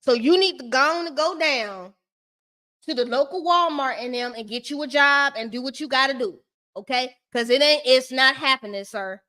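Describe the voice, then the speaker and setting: Sassy high-voiced woman ranting. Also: moderate pace. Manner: sassy, shady, animated ranting. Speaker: reality TV recap host. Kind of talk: casual live-stream commentary.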